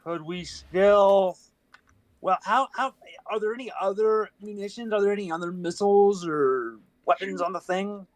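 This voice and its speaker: A man's voice: high-pitched, moderate pace, dry recording. A man playing a tabletop game, talking casually and searching for his words with many restarts. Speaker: player.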